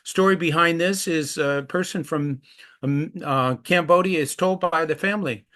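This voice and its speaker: A man's voice: on the high side, moderate pace, fairly bright tone. Earnest middle-aged man telling stories. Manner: earnest, acts out quoted voices in anecdotes. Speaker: anti-trafficking activist speaker. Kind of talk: storytelling presentation.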